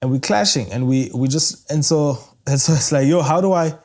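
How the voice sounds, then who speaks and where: A man's voice: on the high side, a little fast. Earnest man co-hosting. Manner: earnest, animated when acting out examples. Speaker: podcast co-host. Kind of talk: casual faith conversation.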